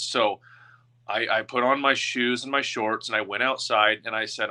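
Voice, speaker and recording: A man in his thirties, a guest telling a personal story in an open, emotional and halting way. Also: medium pitch, steady tone, bright, forceful tone.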